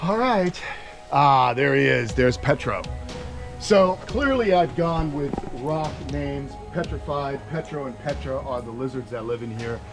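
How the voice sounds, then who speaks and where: A man's voice: mid-range voice, expressive, measured pace, creaky, over music. A man hosting a casual, enthusiastic walking tour of outdoor animal enclosures, talking with lots of fillers. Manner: chatty and enthusiastic, many fillers. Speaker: reptile sanctuary owner and host.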